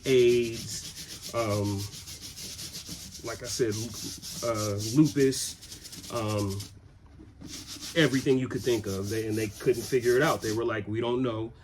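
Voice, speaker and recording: A man in his twenties from Southern California, telling a personal story in a relaxed, rambling way with many fillers. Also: fairly low pitch, slight background noise. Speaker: vlogger. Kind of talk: casual storytelling.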